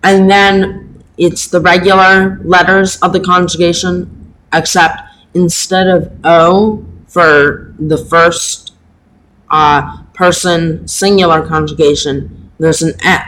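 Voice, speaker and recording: Slow, halting man teaching Latin. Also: high-pitched, little pitch movement, pushed and bright, poor audio. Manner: halting and deliberate, lots of pauses and fillers. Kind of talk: slow home-made lesson.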